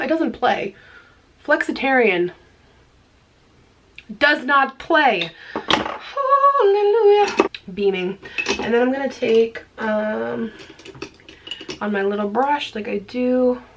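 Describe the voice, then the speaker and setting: A woman beauty vlogger chatting casually while doing her makeup, bubbly and laughing often, dropping into hushed asides. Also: a little high. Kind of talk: casual get-ready-with-me chat.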